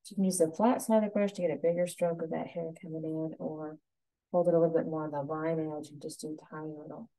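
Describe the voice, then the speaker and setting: A woman teaching a painting lesson, giving soft, unhurried step-by-step instructions. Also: sits low, no echo, rough recording.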